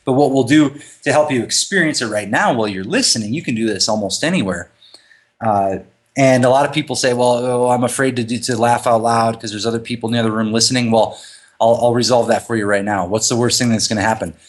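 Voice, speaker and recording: Animated laughing male podcast host. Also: mid-range voice, quick pace. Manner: animated, laughs often, retells scenes with raised voice. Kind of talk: casual podcast chat leading a laughter exercise.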